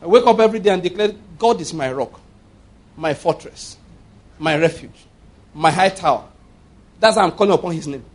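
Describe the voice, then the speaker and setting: A man's voice: high-pitched, moderate pace, long pauses. A man with a Nigerian accent preaching a sermon, telling humorous stories and making emphatic declarations. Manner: humorous, storytelling, laughs often. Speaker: pastor.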